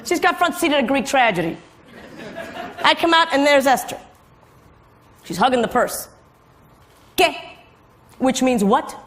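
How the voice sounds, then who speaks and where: A woman's voice: high voice, expressive, normal speed, long pauses, fairly bright tone, slight background noise. A middle-aged woman telling a story before a live audience, with playful asides to the crowd.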